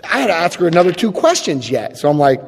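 A man telling his own story to an audience, animated and self-mocking, jumping into high yelps when he acts out his past self. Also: fast, gravelly, crowd noise. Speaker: speaker sharing a recovery story. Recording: long hall reverb.

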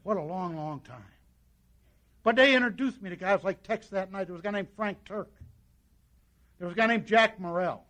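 A man's voice: sits high, moderate pace, long pauses, fairly bright tone. A man sharing his personal recovery story at a meeting, in a folksy storytelling way with lots of quoted dialogue. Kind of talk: personal testimony to an audience.

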